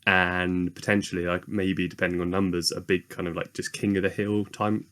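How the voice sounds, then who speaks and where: A man co-hosting a podcast, talking casually with many pauses and fillers. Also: deep voice, level tone, a bit bright. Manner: hesitant, lots of ums and likes. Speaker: podcast co-host. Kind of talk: casual chat.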